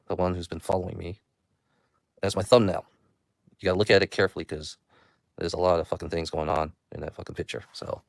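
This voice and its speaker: Low-voiced man streaming in a dry room. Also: clear, resonant tone, no room sound. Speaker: livestream host. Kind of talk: casual livestream talk.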